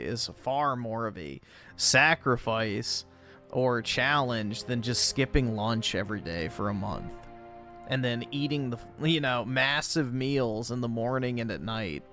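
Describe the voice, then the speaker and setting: Crude, dismissive male co-host, slow drawl. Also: medium pitch, bright, forceful tone. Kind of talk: livestream commentary.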